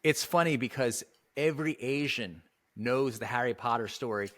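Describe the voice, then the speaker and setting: A man's voice: mid-range voice, moderate pace, a bit bright. A man hosting a casual interview, joking and asking his guest leading questions. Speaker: host.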